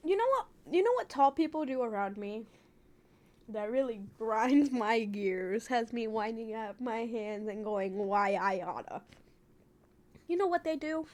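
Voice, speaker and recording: A woman's voice: fairly high pitch, animated, normal speed, a little mellow. A woman streamer chatting casually from her room, laughing often, swearing freely and exaggerating for effect. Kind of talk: casual live-stream chat.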